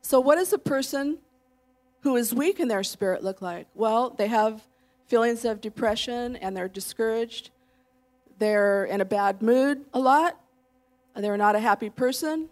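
Slightly high-voiced woman preaching a sermon. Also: unhurried. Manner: warm conversational preaching, leads the congregation in declarations; lively storytelling with self-deprecating asides. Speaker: pastor's wife preaching.

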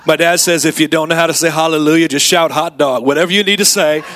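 A man preaching a lively sermon as a guest, telling a story and leading the congregation in call-and-response. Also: on the high side, fast talker. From Atlanta area. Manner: storytelling, swinging from quiet asides to loud shouted exclamations. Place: church sanctuary.

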